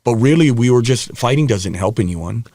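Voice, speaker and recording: A man's voice: medium pitch, lively intonation, normal speed, mellow, dry recording, studio quality. A man, a podcast guest, telling his personal story in a frank, rambling way with frequent restarts.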